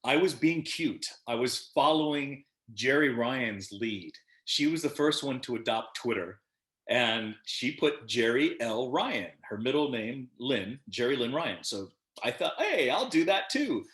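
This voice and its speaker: A man's voice: mid-range voice, measured pace. A man in his fifties, a guest on a video call interview, telling stories with lots of laughter and acting out the quotes. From United States. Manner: animated storyteller who laughs often and acts out the quotes. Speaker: actor guest. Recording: echoey room.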